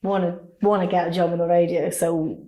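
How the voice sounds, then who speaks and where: A woman's voice: fairly low pitch, brisk. Chatty woman in an echoey room. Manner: chatty, laughing, animated storytelling with acted quotes. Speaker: radio presenter, interview guest. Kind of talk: casual interview chat.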